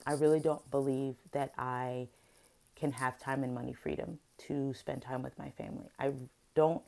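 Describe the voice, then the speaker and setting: A woman's voice: rumbling low, steady tone, normal speed, gravelly, darkish tone. A middle-aged woman telling an upsetting story in a confessional vlog, emotional and full of restarts. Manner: emotional, venting, with many restarts. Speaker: vlogger and therapist.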